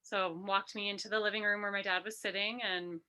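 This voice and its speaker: A woman being interviewed, telling a personal story in an animated way. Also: mid-range voice, brisk, smooth. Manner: animated, re-enacts quotes in a lively voice. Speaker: interview guest.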